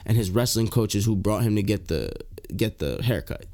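A young man casually telling a long story, animated and slangy, swearing freely and filling with "like" and "bro". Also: fairly low pitch, normal speed, gravelly.

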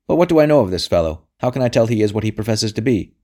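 A man voicing a gruff, anxious soldier who barks his words harshly and loudly. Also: fairly low pitch, fast, close to an everyday voice. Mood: exasperated. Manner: barking, harsh and forceful.

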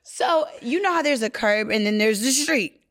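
A woman's voice: on the high side, normal speed. A woman co-hosting a podcast in casual chat, telling a story with lots of laughter. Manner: animated storyteller, laughs while talking. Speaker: podcast co-host.

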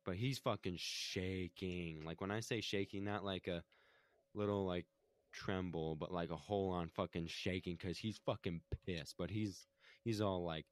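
A man with a low voice tells a story in relaxed podcast chat. He is heated and swears in almost every sentence. The sound is dry and close. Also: moderate pace, clean tone, no echo. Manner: heated, swears constantly, acts out quotes. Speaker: podcast co-host telling a story. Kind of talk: casual chat.

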